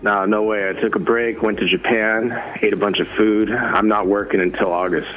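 A man voicing a relaxed high-school teacher caller who talks deep and deadpan with sudden high jumps. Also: moderate pace, faint music behind, close to an everyday voice. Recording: muffled phone line.

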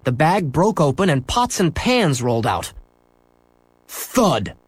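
Storyteller man for a kids' book, lively pitch, dry close sound. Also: normal speed, no echo. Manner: expressive, playing out sound effects. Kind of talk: reading a children's book aloud.

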